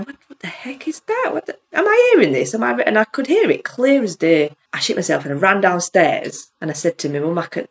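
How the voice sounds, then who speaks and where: A woman from the North of England telling a ghost story in a casual podcast chat, acting out the voices in it and laughing often. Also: deep voice. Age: adult with a child. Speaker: podcast co-host.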